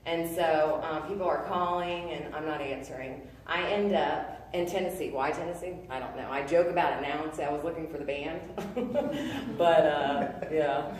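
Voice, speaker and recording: A woman in her thirties gives a personal testimony in a low voice. Her talk is earnest and halting, full of pauses and fillers. She sounds set back from the mic in a strongly echoing room with faint noise behind. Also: steady tone. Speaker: testimony speaker. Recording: echoey room, voice from a distance.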